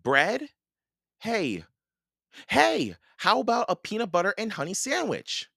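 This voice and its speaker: A man's voice: high voice, big pitch swings, moderate pace, fairly bright tone, dry recording, clean studio sound, voice pushed up, heavily acted. A man reading aloud and voicing a curious, careful young boy in a raised, eager voice.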